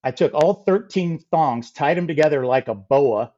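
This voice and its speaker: A middle-aged man telling a funny story as a podcast guest, lively and acting out the people in it. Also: fairly high pitch, moderate pace, dull audio. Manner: animated, acts out quoted voices. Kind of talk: casual storytelling.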